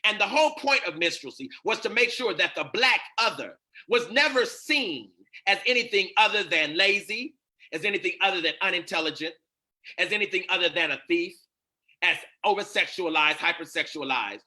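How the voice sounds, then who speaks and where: Guy preaching on a livestream, really bright sharp voice, big swoops up and down, repeats himself a lot. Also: sits high, lively intonation, normal speed. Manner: preacherly, repeats phrases, calls out to viewers. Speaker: host and teacher. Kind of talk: live-streamed spiritual teaching.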